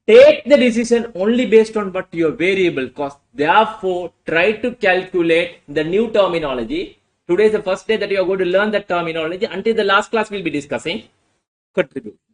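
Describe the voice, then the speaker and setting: Guy lecturing a class, keeps asking what? then answers, voice a bit high. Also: rough recording. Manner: rhetorical "what?" questions answered himself. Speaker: accounting lecturer.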